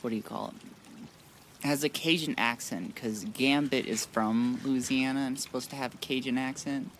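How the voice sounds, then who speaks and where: Guy streaming a game, just rambling while he plays, blunt and kinda sweary, mid-pitched voice. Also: moderate pace, slight background noise. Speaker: streamer playing a modded game. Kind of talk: casual live-stream chat.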